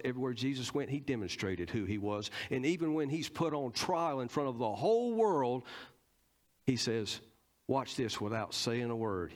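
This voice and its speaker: A man with a Southern American accent preaching a teaching sermon in church, stressing points and quizzing the congregation. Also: fairly low pitch. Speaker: pastor.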